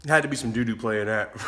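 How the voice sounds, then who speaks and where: A man talks at a medium pitch with a pushed, bright voice. He's casually vlogging, telling rambling stories while laughing a lot and swearing freely.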